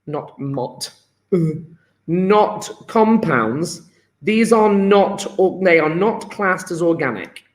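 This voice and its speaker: A high-voiced man teaching chemistry in an easygoing, encouraging way, peppering his talk with "yeah?". His voice rings in an echoey room. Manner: chatty, encouraging, fillers of "yeah?". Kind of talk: live online lesson.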